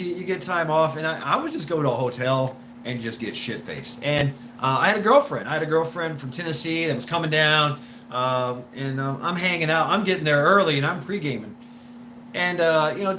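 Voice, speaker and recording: A man's voice: a little high, sharp tone. A young man telling a personal story in a casual, rambling way, full of restarts, profanity and laughter. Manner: halting, repeats words, profane, laughs often. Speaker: storyteller recounting a personal anecdote.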